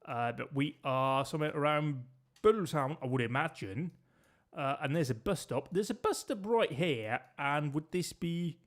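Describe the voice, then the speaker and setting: A man's voice: fairly high pitch, lively intonation, measured pace. A man streaming a geography guessing game, chatting and joking with his viewers as he plays. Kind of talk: casual gameplay commentary.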